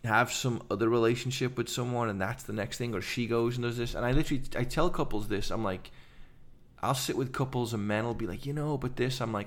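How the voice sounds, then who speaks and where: A middle-aged man with an English accent, a podcast guest telling his story in fast, animated run-on sentences. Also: medium pitch. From England. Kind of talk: casual conversation.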